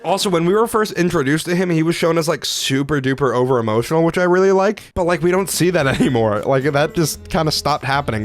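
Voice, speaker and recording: A young man giving casual, excitable commentary as he ranks anime characters, with frequent swearing and filler words. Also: medium pitch. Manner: profane, excitable, lots of "like" fillers. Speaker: anime video creator.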